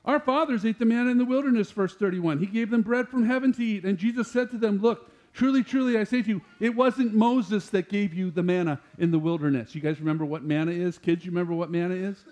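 A man with a high voice preaching a sermon to a congregation. He talks in an animated way and climbs louder and higher whenever he quotes scripture, then drops back down to explain it. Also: brisk, hardly any pauses. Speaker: pastor.

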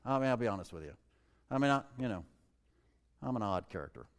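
A male pastor with a fairly low voice preaches a conversational, very animated sermon in a large hall. He poses questions to the congregation and reads scripture slowly before explaining it plainly.

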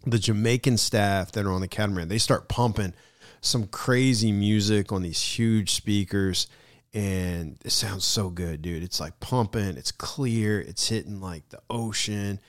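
Excited middle-aged man telling a story. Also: lowish voice, unhurried, no room sound, studio quality. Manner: excited, slangy, keeps saying "dude". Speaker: podcast host. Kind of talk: casual storytelling monologue.

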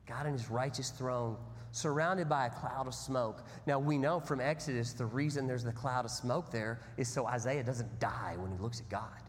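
A man preaching a sermon as pastor, telling stories with big swings between loud bursts and hushed, low passages. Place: church sanctuary. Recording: long hall reverb.

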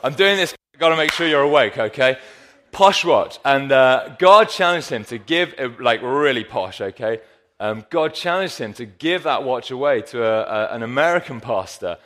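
Male pastor, bright voice, jokey sermon delivery on a handheld mic in church. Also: medium pitch, animated, moderate pace. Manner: playful, jokey, addresses the congregation directly. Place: church hall.

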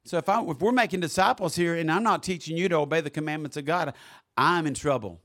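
A man preaching a sermon in a church, swinging from soft reflection to loud exclamations. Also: a little high, quick pace. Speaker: pastor. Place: church sanctuary.

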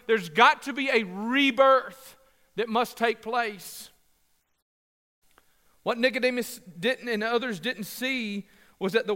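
A pastor delivers a passionate sermon in a high, bright, forceful voice. He leans on repetition for emphasis and jokes with the congregation between points. His voice rings out through a reverberant church sanctuary. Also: clean tone.

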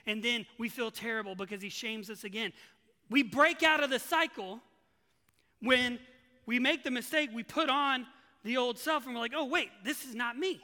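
A male pastor with a very high, bright voice delivers an earnest sermon. He repeats key phrases for emphasis. The church hall leaves a long reverb tail. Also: normal speed.

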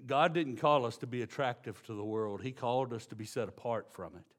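Preaching with a Texas accent, this male pastor speaks at a middle pitch; he drops to a quiet, deliberate hush, then builds up to animated, booming stories.

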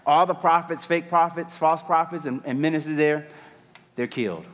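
A man preaching a sermon in a church, retelling a story in an animated, conversational way. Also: fairly high pitch, normal speed, long reverb tail. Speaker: pastor.

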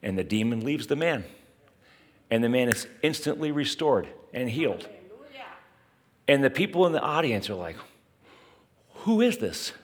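Brief: a conversational male preacher, expressive and lively, mid pitch, talking straight to the congregation. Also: moderate pace, pauses often, slight background noise. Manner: animated, conversational preaching with asides to listeners. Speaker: pastor. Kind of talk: sermon.

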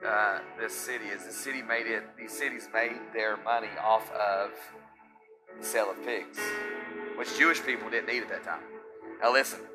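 A man preaching a sermon as pastor, swinging from hushed intensity to shouting and quizzing his congregation with call-and-response questions. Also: on the low side, steady tone, normal speed, over music.

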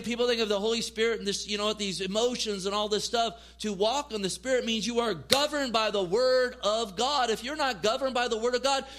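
A man with a high, light voice delivers an earnest sermon. He reads verses aloud and drives points home by repeating key phrases. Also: fairly bright tone. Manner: earnest preaching, reading scripture aloud, emphatic repetition. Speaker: pastor.

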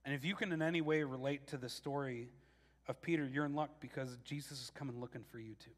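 A man preaching a casual, animated sermon, restarting phrases often and acting out quotes. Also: mid-range voice, fast talker, in a large hall. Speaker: pastor.

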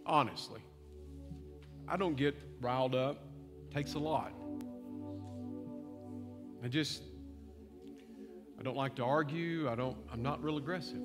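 A pastor with a medium-pitched, expressive voice preaches a little slowly, leaving long pauses, as he leads a sermon and altar call. Sometimes teasing, sometimes fervent and pleading, he's heard in a large church over live music, with a long hall reverb.

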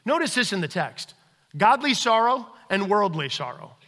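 A man's voice: high voice, sing-song, normal speed, bright, forceful tone, big-room sound. A man preaching a sermon as pastor, acting out everyday scenes with quoted voices.

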